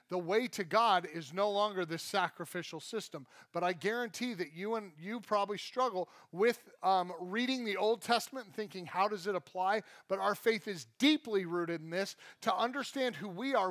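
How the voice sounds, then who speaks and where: Man, pastor, casual joking sermon, higher voice, dry sound. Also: a bit bright, no room sound. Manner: conversational, joking asides, self-deprecating. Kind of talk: live sermon to a congregation. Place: church service.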